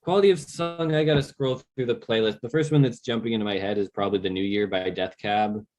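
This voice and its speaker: Young male co-host with a lowish voice, halting delivery, wry. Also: steady tone, a little mellow, slight background noise. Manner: hesitant, dry humor. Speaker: podcast co-host. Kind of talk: casual chat.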